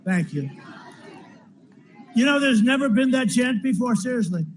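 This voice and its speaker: A man's voice: extremely high pitch, lively intonation, normal speed, a little hiss or hum, poor audio. A man giving a campaign rally speech, rambling and repetitive, with frequent asides to the crowd. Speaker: politician addressing a rally. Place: large rally venue.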